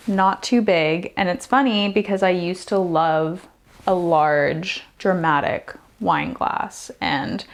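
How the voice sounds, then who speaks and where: A young woman chatting casually and enthusiastically as she shows off her thrift finds, trailing off and restarting now and then. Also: mid-range voice. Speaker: vlogger showing thrift finds. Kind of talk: casual show-and-tell chat. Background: faint background music.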